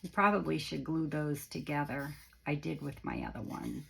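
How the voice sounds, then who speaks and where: Croaky low gravelly woman rambling thru a craft how-to, casual and chatty. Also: wildly swooping pitch, moderate pace, a bit bright, poor audio. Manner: chatty, meandering, self-correcting. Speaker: craft channel host.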